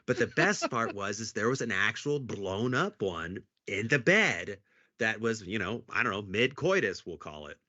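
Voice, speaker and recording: A man co-hosts a casual podcast and tells a story with a bright, forceful voice. His pitch swings widely as he acts out the other people. The sound is dry and slightly dull, like lo-fi audio. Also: moderate pace, dry recording. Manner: animated, acts out quotes. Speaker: podcast co-host.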